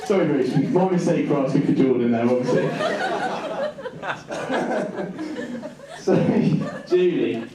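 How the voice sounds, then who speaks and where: A man's voice: high-pitched, huge pitch swings, slow, long pauses, a loud crowd. Man giving a teasing best man speech. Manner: teasing, joking. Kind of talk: wedding speech. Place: wedding reception hall. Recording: echoey hall from far off, noisy.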